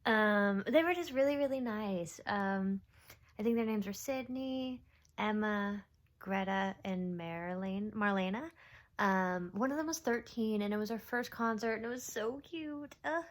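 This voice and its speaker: A woman's voice: medium pitch, a little slow. A young woman talking straight to camera in a casual confessional vlog. She rambles and overshares, filling gaps with ums and little laughs, and now and then drops to a whisper. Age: young adult. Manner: rambling, oversharing, with frequent fillers and soft laughs. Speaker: vlogger.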